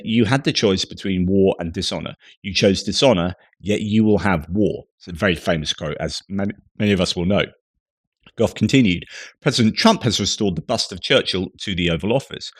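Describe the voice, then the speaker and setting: A man's voice: deep voice, no echo, studio quality. A man commenting on the news, reading quotes and then discussing them in a loose, conversational way. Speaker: geopolitics commentator.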